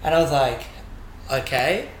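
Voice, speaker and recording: Young guy, a bit high and bright, jokey interjector, echoey room. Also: big pitch swings, moderate pace. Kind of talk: casual film discussion. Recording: echoey room with faint background noise.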